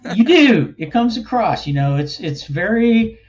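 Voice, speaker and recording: A man's voice: high-pitched, big pitch swings, a little slow, dull audio. A man speaking as a guest in a casual interview, rambling in a folksy way and laughing often. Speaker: guest, think tank cofounder.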